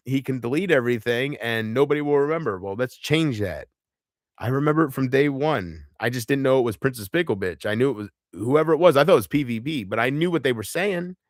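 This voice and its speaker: Halting, emotional man on a livestream. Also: mid-range voice, no room sound, studio quality. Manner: halting, emotional, full of restarts and trailing off. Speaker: live streamer. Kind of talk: casual livestream chat.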